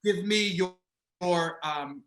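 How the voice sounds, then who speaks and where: A man's voice: sits high, slow pace, fairly bright tone, echoey room. A man narrating as game master of a tabletop game, describing action with restarts and laughing along.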